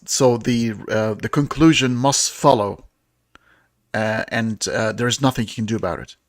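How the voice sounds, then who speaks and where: Halting man explaining with many fillers. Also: mid-range voice, fairly bright tone, no room sound, clean studio sound. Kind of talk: casual philosophical discussion.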